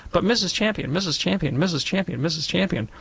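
A man's voice: on the high side, very animated, brisk, gravelly, fairly bright tone, slight background noise, exaggerated voice. A man voicing his younger self as an eager, precocious little boy who repeats himself. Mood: insistent.

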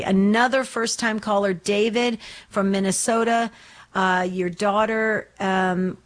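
A woman hosting a faith call-in radio show, talking earnestly and rambling with lots of ums and restarts. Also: medium pitch. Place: Arizona studio.

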